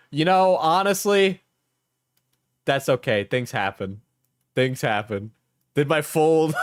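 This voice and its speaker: Slow-talking man joking on a livestream. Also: mid-range voice, no room sound, studio quality. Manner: joking, laughs often, talks to chat. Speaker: streamer. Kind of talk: casual livestream reaction commentary.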